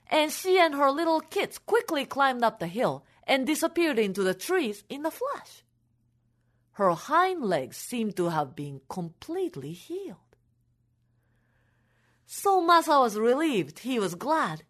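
A woman storyteller tells a folk tale for families at an unhurried pace. Her fairly high voice rises and falls in wide, animated swings. She leans into each moment with expressive storytelling.

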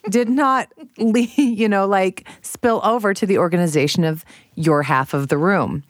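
A woman's voice: medium pitch, normal speed, no room sound, clean studio sound. A middle-aged woman chatting as a guest, teasing her sister playfully. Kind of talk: casual chat.

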